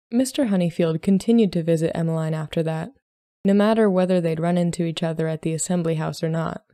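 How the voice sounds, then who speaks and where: A woman hosting a short-story podcast, reading a story aloud in a measured, gentle way. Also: fairly low pitch, steady tone, no echo, clean studio sound. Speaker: podcast host and story reader. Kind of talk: storytelling narration.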